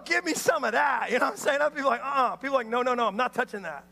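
A man preaching a sermon, an animated storyteller who acts out voices and calls out to the crowd. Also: very high-pitched, racing, vocal fry, long reverb tail, slight background noise. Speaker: pastor.

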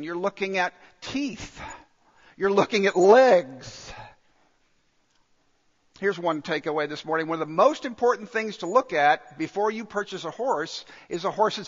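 A man preaching a sermon as a pastor, emphatic, with repeated phrases and pauses. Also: high-pitched, big-room sound, muffled recording.

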